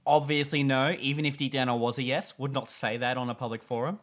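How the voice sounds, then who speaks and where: A man's voice: mid-range voice, fairly even intonation, fast talker. Man with dry, wry podcast humor. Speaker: podcast co-host. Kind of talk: casual podcast chat.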